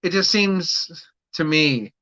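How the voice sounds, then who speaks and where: A man rambles through a casual livestream, swearing freely and answering viewers as he talks about brewing. His voice is bright and forceful. The sound is dry and a little dull, like lo-fi home stream audio. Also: fairly high pitch, animated, slow, no echo. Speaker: livestream host, home brewer. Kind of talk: casual livestream chat reading comments.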